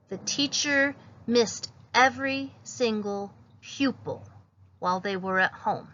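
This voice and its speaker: Woman teacher doing phonics, slow and patient, sounds out letters, kinda muffled lo-fi audio. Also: medium pitch, bright, forceful tone, a little hiss or hum. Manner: patient, explains each sound while writing words. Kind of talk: phonics lesson.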